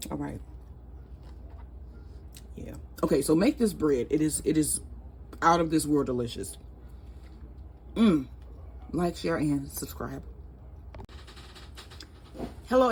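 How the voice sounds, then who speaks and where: Woman, cooking vlog host, home kitchen, chatty and excitable, slightly low voice. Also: a little slow, long pauses, a little hiss or hum. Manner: chatty, excitable, gasping with delight, often tasting while talking.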